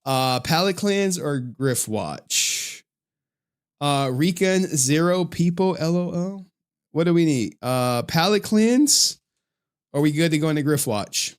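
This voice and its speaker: A man's voice: fairly high pitch, animated, slow, clear, resonant tone. A man chatting casually on a live stream, talking straight to his chat in a loose, profane way and laughing often.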